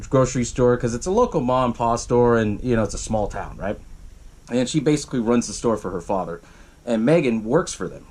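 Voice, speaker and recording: A young man hosting a podcast, casually recapping a horror film with lots of swearing and acted-out bits of dialogue. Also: medium pitch. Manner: profane, animated retelling with acted-out quotes. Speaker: podcast host.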